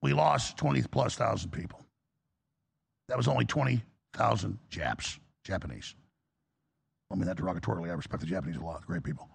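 Male talk host, raspy gravelly voice, rambling, acts out quotes. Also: sits low, fairly quick, pauses often. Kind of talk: call-in talk show.

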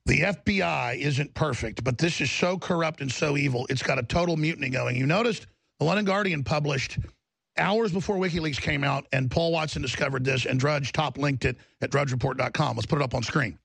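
A man's voice: on the high side, fairly quick, gravelly, a bit bright, breathy edge, no room sound. A man hosting a broadcast, delivering a fervent, ranting monologue with emphatic repetition. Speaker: talk show host.

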